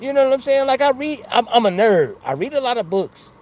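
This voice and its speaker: A man's voice: very high voice, sing-song, fairly quick, darkish tone. A man hosting a casual live stream from outside his home, talking into a phone in a rambling, slangy way and laughing often. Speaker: livestream host.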